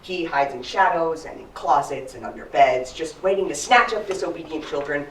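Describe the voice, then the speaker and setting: A man telling a story live to an audience in an animated, playful way, heard from far off. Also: a little high, moderate pace, a little hiss or hum. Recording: roomy hall, mic from far off.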